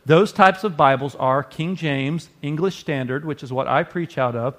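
Conversational preacher, fairly high voice. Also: male voice, moderate pace. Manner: earnest, conversational preaching with asides to the congregation. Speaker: pastor. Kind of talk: sermon.

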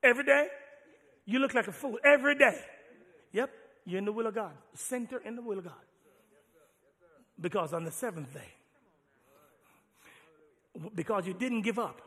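A man preaching a sermon, animated and folksy, acting out little scenes as he goes. His voice is high and bright, and it rings through a large, echoing sanctuary. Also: moderate pace, long pauses, slightly rough. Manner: animated storytelling, playful and folksy. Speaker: pastor.

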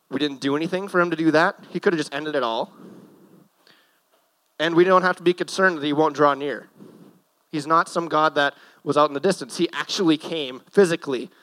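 A man's voice: a little high, moderate pace, pauses often, bright, forceful tone, low-quality recording. A young man giving a casual, joking sermon from a church stage, with nervous self-deprecating asides. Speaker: guest preacher.

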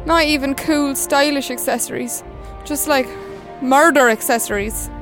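A woman's voice: high-pitched, moderate pace, over music, natural voice. A woman playing a cheeky young Irish sidekick detective who teases the others. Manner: cheeky, teasing.

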